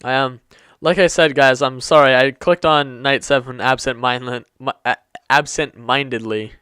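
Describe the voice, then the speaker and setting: Smooth-voiced chatty gaming YouTuber man. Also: medium pitch, fairly even intonation, moderate pace, sharp tone, dry recording. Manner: apologetic, chatty, stumbles over words. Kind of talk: casual let's-play commentary.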